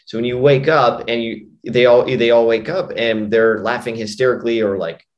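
Steady in tone and moderate in pace, this mid-range male voice comes through lo-fi. He's a hypnotist and mind coach on a casual interview, telling a long, rambling story packed with "you know," "like," and frequent restarts.

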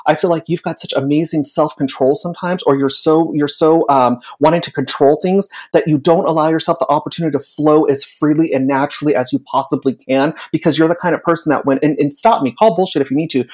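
A man's voice: on the high side, fast, hardly any pauses, darkish tone. A man speaking as a psychic guest in a casual podcast chat, blunt and emphatic, often repeating words as he starts a thought.

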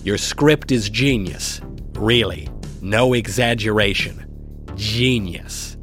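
A man's voice: lowish voice, slow pace, fairly bright tone, faint music behind. A man voicing a vain, imperious female movie star in an audio story, switching between snapped orders and theatrical gushing.

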